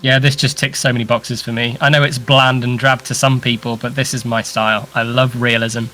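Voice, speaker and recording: Man, co-host, mid pitch, enthusiastic casual chat, laughs easily, faint music. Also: flat delivery, fairly quick, pushed and bright. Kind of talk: casual chat commentary on contest entries.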